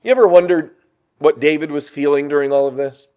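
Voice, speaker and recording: Male preacher, high-pitched, lively sermon delivery, asks the room questions. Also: a little fast, clear, resonant tone. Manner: animated, rhetorical questions to the congregation.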